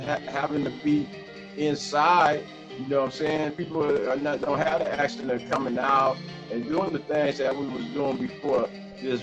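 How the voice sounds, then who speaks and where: A man's voice: a little high, highs cut off. A man in a casual chat, chiming in agreeably and backing up the host. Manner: agreeable, chiming in with short affirmations.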